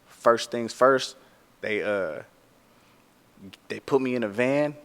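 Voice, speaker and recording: A man who works as a tattoo artist, telling a story in a casual, animated way, full of slang and "like". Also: medium pitch, takes it slowly, long reverb tail.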